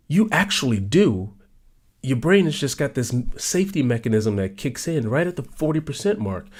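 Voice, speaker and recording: A man's voice: mid-range voice, lively intonation, fairly quick, darkish tone. A man giving an emphatic motivational talk on his own channel. He repeats his main points and pushes his voice sharply upward when he stresses them. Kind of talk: motivational talk about a book.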